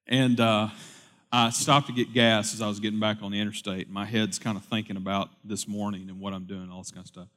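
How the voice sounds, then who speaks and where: A man pastor delivering a sermon, moving from loud, urgent preaching to quiet, conversational storytelling. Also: on the low side, little pitch movement, fairly quick. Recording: long hall reverb.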